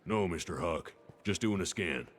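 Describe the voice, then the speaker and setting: A polite, nervous security guard in a game, with a low voice. He speaks deferentially, quick to reassure. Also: lively intonation. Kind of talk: video game voice acting.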